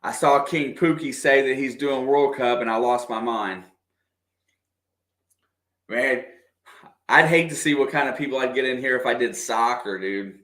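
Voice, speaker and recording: A man doing casual, partisan play-by-play of a basketball game for a livestream, excitable and quick to react to the officials. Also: medium pitch. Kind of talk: fan play-by-play commentary. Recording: echoey room.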